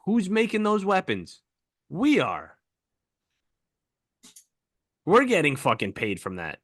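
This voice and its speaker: A man's voice: on the high side, wildly swooping pitch, slow pace, fairly bright tone, no room sound, studio quality. A man co-hosting a podcast, ranting heatedly and swearing a lot in casual chat. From United States. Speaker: podcast co-host.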